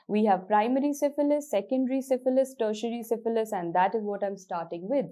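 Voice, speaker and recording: A young woman with an Indian English accent teaching a medical class. Her voice is mellow and warm, and she talks in a chatty way, drilling her points with repetition and tossing in Hindi words. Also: a little high, fast. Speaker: medical lecturer. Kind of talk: exam-focused lecture with mnemonics.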